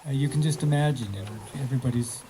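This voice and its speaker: A man hosting a community graduation gathering, talking loosely with many pauses and fillers. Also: medium pitch, warm tone, slight background noise, low-quality recording. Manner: hesitant, many fillers, offhand. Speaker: event host. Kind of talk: casual emcee talk.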